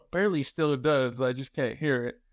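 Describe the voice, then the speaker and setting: A man co-hosting a podcast, telling family stories in a lively way and acting out the voices of the people he quotes. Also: medium pitch, fairly quick, dry recording, highs cut off. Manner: animated storyteller, acts out quotes. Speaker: podcast co-host. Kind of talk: casual chat.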